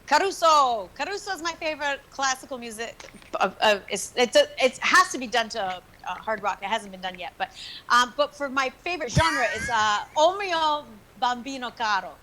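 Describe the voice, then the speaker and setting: A woman's voice: on the high side, expressive, normal speed, bright, forceful tone, poor audio. A woman guest on a casual live stream, talking hesitantly with many fillers and laughing easily.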